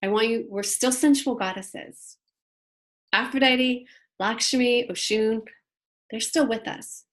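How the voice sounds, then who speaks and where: A woman's voice: on the high side, takes it slowly. A woman guides a group class in a loose, conversational way, full of fillers and friendly asides. She walks the group through breathing exercises and voices them aloud as she goes. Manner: casual and chatty, with many fillers. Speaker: women's leadership workshop leader.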